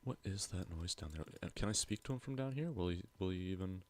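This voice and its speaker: A man's voice: low voice, fast talker, darkish tone, slight background noise. A man streaming a game, reading its text aloud with playful asides in casual commentary. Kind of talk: casual let's-play commentary.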